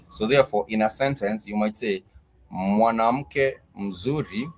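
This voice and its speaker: A man teaching a live online Swahili lesson, repeating each word slowly and patiently for learners. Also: lowish voice, slight background noise.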